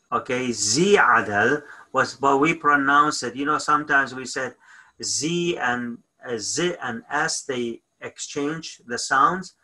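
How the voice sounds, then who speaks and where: A man teaching a language lesson, patiently repeating phrases slowly and explaining sounds step by step. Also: mid-range voice, pushed and bright, poor audio.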